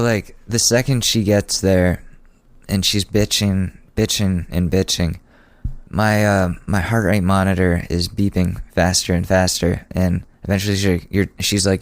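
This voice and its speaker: A podcast host telling a personal story in a casual, sardonic, rambling way, with frequent restarts. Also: male voice, on the low side, fairly even intonation, takes it slowly, dry recording.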